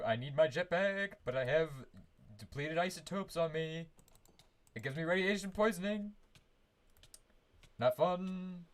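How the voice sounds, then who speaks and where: A man's voice: fairly high pitch, slow, pauses often. A man giving casual live commentary on his game from his own room, rambling, humming to himself and restarting his sentences often. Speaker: streamer.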